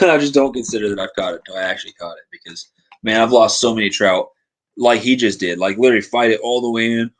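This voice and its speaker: A man's voice: on the low side, no echo, poor audio. A man casually chatting over a video on his livestream, griping about his computer and laughing often. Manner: chatty, quick to gripe and laugh. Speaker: livestream host.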